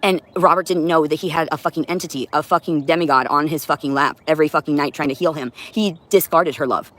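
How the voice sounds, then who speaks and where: A woman's voice: sits low, quick pace, a bit bright. A woman hosting a livestream, talking to her audience in a rambling, intense and profane monologue at home. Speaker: livestream host. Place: indoors at home with a cat.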